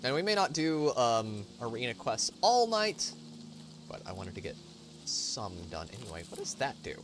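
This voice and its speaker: A man's voice: medium pitch, very animated, normal speed, noisy background. A man hosting a casual let's-play stream, chatting in a rambling, profane, self-interrupting way. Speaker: gaming channel host.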